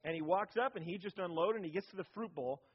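Husky man preaching, lo-fi. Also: high-pitched, fast talker. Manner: conversational storytelling, keeps asking the audience "right?". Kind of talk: sermon on parenting. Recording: dull lo-fi recording.

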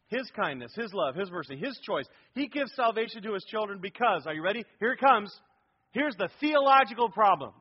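Male pastor, high voice, husky, emphatic sermon, dull lo-fi church recording. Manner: emphatic, asks the crowd to fill in words. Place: church sanctuary with congregation.

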